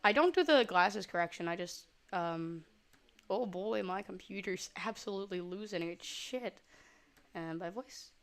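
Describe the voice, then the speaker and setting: A young adult woman streaming from her computer, chatting casually, swearing freely and jumping between loud outbursts and low mumbles. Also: measured pace. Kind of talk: casual rambling stream chat. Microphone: desk mic at a computer.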